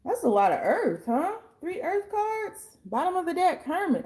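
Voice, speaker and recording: A young woman with a hoarse, fading voice, chatting casually and bluntly as she reads tarot cards, swearing now and then. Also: very high voice, big pitch swings, moderate pace, hardly any pauses, a little mellow. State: hoarse, losing her voice. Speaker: tarot reader and life coach.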